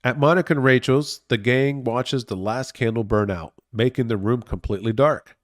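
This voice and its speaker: A laid-back young man co-hosting a casual chat. His voice sits at a middle pitch and he speaks in an easy, agreeable way. The recording is dry, with no room sound. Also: normal speed, no echo. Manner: laid-back, agreeable, reads plot recaps. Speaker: podcast co-host.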